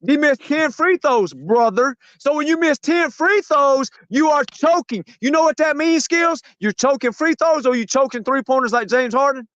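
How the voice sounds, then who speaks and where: High-voiced man ranting profanely. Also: normal speed, few pauses, no echo, dull audio. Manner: loud, profane, mocking, repetitive. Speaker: podcast host. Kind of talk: heated podcast sports talk.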